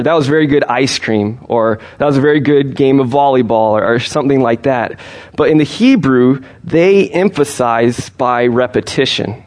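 Earnest man teaching a sermon. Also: mid-range voice. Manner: steady, earnest teaching with repeated restarts. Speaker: preacher.

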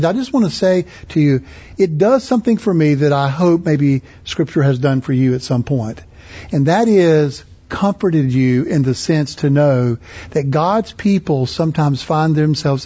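High-voiced husky male preacher. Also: mellow. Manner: earnest and conversational, rising in pitch for emphasis. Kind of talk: sermon. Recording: muffled lo-fi recording.

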